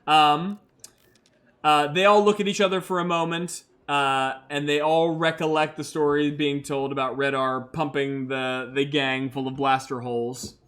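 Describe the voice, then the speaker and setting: A man with a slightly high, somewhat bright voice narrates and hosts a solo tabletop role-playing game at a measured pace and in a steady tone. He's loose and chatty, packed with fillers, and laughs at his own dice rolls.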